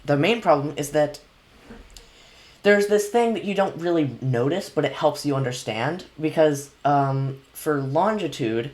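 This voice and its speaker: A man hosting a casual chat, rambling excitedly with lots of restarts and fillers. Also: a little high, unhurried. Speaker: podcast host reacting to a video.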